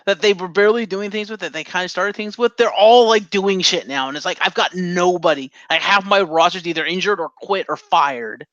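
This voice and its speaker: A man's voice: high-pitched, brisk, few pauses, fairly bright tone, dry recording, dull audio. A man co-hosting a casual podcast, recapping in a rambling way with frequent swearing. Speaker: podcast co-host. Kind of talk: casual chat.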